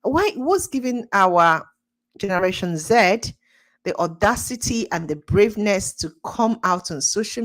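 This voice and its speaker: A woman's voice: lowish voice, fairly bright tone. A young adult woman with a Nigerian accent, commenting indignantly on social media news in a casual chat, laughing now and then. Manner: indignant, exclaiming, laughs often. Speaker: commentary channel host.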